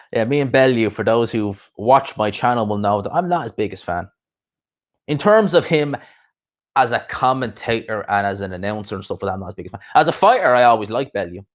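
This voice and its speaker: A young man talks in a loose, rambling way, hopping from one aside to the next. His voice sits a little on the low side, and he keeps a relaxed, casual live-stream manner throughout. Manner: rambling, chatty, quick asides and laughs. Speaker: YouTube boxing streamer.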